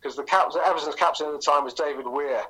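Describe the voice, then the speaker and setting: A middle-aged English man being interviewed, his voice bright and forward. He rambles through a story with plenty of ums and restarts. The talk is relaxed and chatty. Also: on the high side, quick pace, husky, low-quality recording. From England. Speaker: interview guest.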